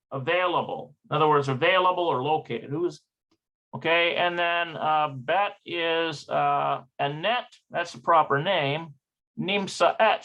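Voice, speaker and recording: A language learner teaches from a textbook in a thinking-aloud study session, his voice on the high side, bright and forceful. He works through the lesson hesitantly, correcting himself as he sounds out words.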